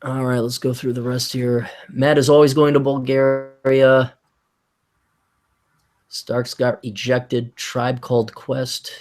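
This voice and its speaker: A man's voice: medium pitch, flat delivery, slow pace, a little mellow. A man hosting a casual livestream, rambling and reading chat comments aloud. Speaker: livestream host.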